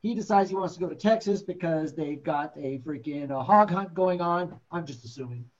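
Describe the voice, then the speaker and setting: A man's voice: on the high side, normal speed, lo-fi sound. A man teaching paramedics in a classroom lecture, blunt and joking, acting out patient stories. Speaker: paramedic instructor.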